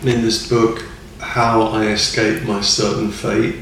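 A man's voice: on the low side, level tone, slow pace, creaky, a bit bright, recorded from a distance, a little hiss or hum. A man chatting casually as a podcast guest, rambling and enthusiastic and chuckling often. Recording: echoey room, off mic.

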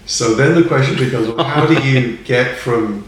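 A man's voice: medium pitch, normal speed, recorded from a distance, a little hiss or hum. A man chatting casually as a podcast guest, rambling and enthusiastic and chuckling often. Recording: echoey room, off mic.

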